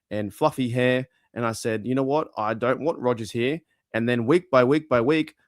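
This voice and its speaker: A chatty man from Australia hosts a live fan stream with an excitable, loose delivery. His voice sits at an ordinary pitch and is recorded dry and close, with no room sound. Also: no room sound. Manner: chatty and excitable, swears casually. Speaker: fan channel host. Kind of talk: casual live-stream chat.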